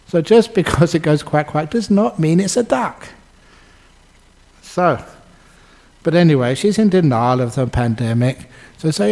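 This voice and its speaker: An older man, a Buddhist monk, giving a dharma talk with lively storytelling and chuckles. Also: a little high, normal speed, poor audio. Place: Buddhist centre.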